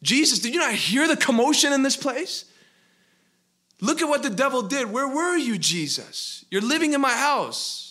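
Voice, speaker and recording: A man's voice: medium pitch, animated, normal speed, pauses often. A preacher acting out a desperate, worn-out man crying for help. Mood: frustrated shouting. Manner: pleading, shouting in frustration. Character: desperate, exhausted man pleading with Jesus.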